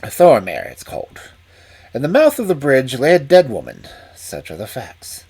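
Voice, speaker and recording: A man reading aloud and voicing a calm, shrewd Victorian male detective who speaks in a dry, deliberate way. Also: medium pitch, breathy edge, heavily acted. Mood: measured.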